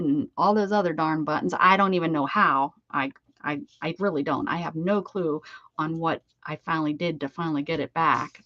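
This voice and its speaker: A woman chatting casually while crafting on a live stream, greeting viewers by name and talking to her pets. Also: on the low side. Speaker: crafting livestream host. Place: home craft room. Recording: dull lo-fi stream audio.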